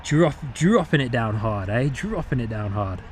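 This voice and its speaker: His medium-pitched voice swings widely in pitch and moves at a measured pace, with a little hiss or hum on the recording. He's a plane-spotting livestream host with a New Zealand-tinged English accent, casually commentating outdoors by an airport, chatting with viewers and often repeating himself.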